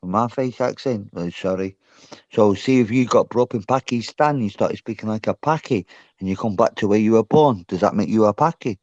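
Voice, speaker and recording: A man's voice: fairly low pitch, fairly quick, darkish tone, dry recording, dull audio. Brash man in a put-on Scottish accent. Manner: brash, swearing, rambling, says mate and lad. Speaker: guest in a voice chat. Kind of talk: heated voice chat argument.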